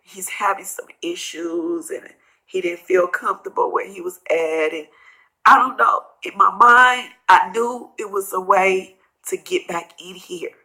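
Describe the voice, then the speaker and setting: A middle-aged woman, tearful and tired, rambling through a personal story in a vlog and quoting others in hushed asides. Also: mid-range voice, measured pace, creaky, poor audio. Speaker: vlogger telling a personal story.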